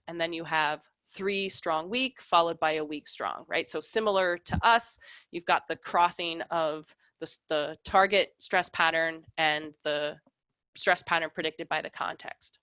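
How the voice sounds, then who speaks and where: A woman's voice: lowish voice, a bit bright, dry recording, highs cut off. A woman researcher giving an academic lecture and explaining examples step by step. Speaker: researcher giving a lab talk.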